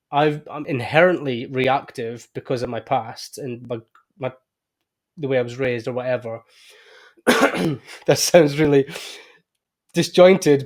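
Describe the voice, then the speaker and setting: A man hosting a podcast, talking candidly and reflectively in casual conversation. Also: medium pitch. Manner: candid, reflective, animated when telling stories. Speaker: podcast host.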